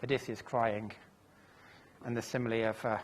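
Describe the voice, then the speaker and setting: A man lecturing at an ordinary middle pitch. He thinks aloud as he speaks, pausing on fillers and correcting himself mid-phrase. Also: flat delivery, slight background noise. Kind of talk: recorded lecture walking through translations.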